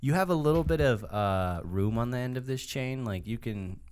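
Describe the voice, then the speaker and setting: A man's voice: mid-range voice, lively intonation, normal speed, darkish tone, clean tone, no echo, clean studio sound. A man narrating as game master of a tabletop game, loose and full of fillers, with crude jokes.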